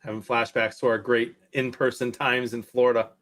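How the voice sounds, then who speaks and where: A man's voice: mid-range voice, little pitch movement, normal speed, fairly bright tone. A man co-hosting a casual live sports stream, easygoing and laughing as he reads things out. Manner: easygoing, laughs while reading aloud.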